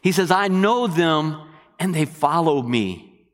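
A man preaching a sermon, animated, asking the congregation questions and waiting for answers. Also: a little high, slow pace, long reverb tail.

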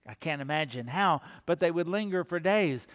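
A man's voice: a little high, lively intonation, moderate pace, long reverb tail. A man preaching a sermon as pastor, earnest, with rhetorical questions and quoted lines.

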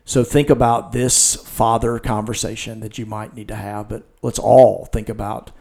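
Man, church podcast host, earnest, gravelly low-fry voice, storytelling delivery. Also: little pitch movement, normal speed, a little mellow. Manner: earnest, retells scenes with quoted lines.

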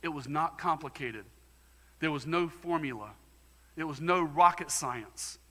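A man's voice: fairly high pitch, measured pace, pushed and bright, in a large hall. A man preaching a sermon as pastor, emphatic and conversational. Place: church sanctuary.

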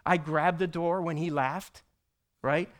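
A man teaching a church group, telling a personal story with animated delivery that builds to loud, emphatic peaks. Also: fairly high pitch, takes it slowly. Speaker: church teacher presenting slides.

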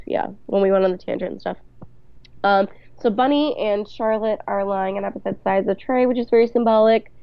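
A woman's voice: mid-range voice, smooth, no room sound. A woman co-hosting a podcast, recapping an episode in a giggly, rambling casual chat. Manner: giggly, rambling, lots of fillers. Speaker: podcast co-host. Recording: dull lo-fi, dry.

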